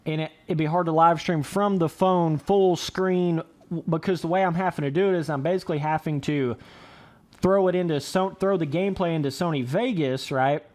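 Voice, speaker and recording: A man's voice: a little high, normal speed, darkish tone. Laid-back young man streaming a game. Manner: laid-back, rambling, swears freely. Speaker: gaming livestreamer. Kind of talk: casual livestream commentary.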